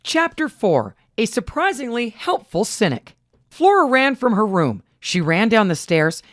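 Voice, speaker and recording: Woman, storybook read-aloud, expressive, lively intonation, dry close sound. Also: on the high side, a little slow, no room sound. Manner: expressive, varied delivery. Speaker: reader.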